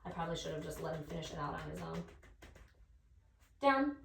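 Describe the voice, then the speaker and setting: A woman dog trainer explaining a session while coaching the dog with quick commands and bright praise. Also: flat delivery, gravelly. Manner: talks to the dog between explanations, high praise bursts. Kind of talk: casual training commentary. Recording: echoey room from far off, faint noise.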